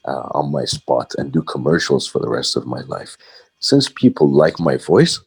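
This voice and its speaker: A man's voice: a bass voice, creaky, a little mellow, slightly rough. A man from Bahrain, a voice-over artist, talking reflectively as a podcast guest with frequent fillers and restarts. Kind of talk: casual interview talk.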